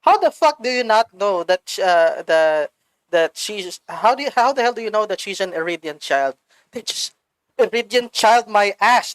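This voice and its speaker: A woman with a Filipino accent, chatting as a podcast co-host, animated and swearing freely, slipping Filipino words into English. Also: mid-range voice, no echo, low-quality recording. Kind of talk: casual chat.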